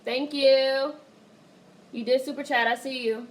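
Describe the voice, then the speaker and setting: Blunt, animated woman streamer, slightly high voice. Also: unhurried, slight background noise, rough recording. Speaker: livestreamer reading chat. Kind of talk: casual livestream commentary.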